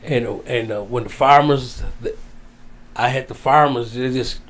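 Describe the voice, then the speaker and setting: A man telling a heartfelt story as a guest, drawn out, dropping low and soft on the sad parts. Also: steady tone, measured pace. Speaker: wrestling guest. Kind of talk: storytelling in casual interview.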